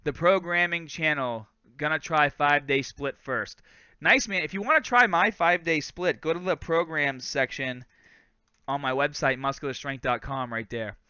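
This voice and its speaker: A man with a light Boston accent hosts a live fitness Q&A, talking fast and casual and tossing in "bro" and "guys". His voice is bright and crisp, a touch higher than most men's. The sound is dry and a little dull. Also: no room sound. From Lawrence, Massachusetts. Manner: chatty, laughs often, says "bro" and "guys". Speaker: fitness host. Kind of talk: live stream Q&A, casual chat.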